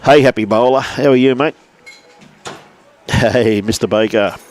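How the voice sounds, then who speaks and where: A man's voice: medium pitch, measured pace. A man with an Australian accent giving casual live commentary on a lawn bowls livestream, chatting and greeting viewers by name between shots.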